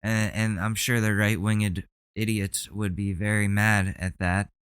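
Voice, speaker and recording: A man with a lowish, smooth voice hosts a podcast and reacts bluntly to video clips. He sounds indignant and swears freely. The sound is close and dry. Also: level tone, measured pace, a bit bright, dry recording. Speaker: podcast host.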